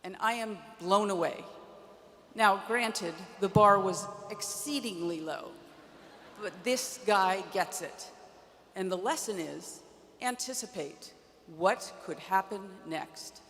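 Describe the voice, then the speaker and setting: A woman around 60 giving a prepared commencement keynote from a podium, measured and wry, with dry humor in her storytelling. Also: medium pitch, a bit bright, a little hiss or hum. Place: large indoor arena. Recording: long arena reverb.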